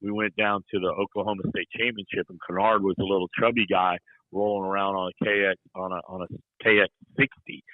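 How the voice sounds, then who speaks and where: A man's voice: sits low, flat delivery, fairly quick, no room sound, narrow, tinny audio. A middle-aged man telling stories in a rambling, folksy way, full of "you know" and playful ribbing. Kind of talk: casual storytelling chat.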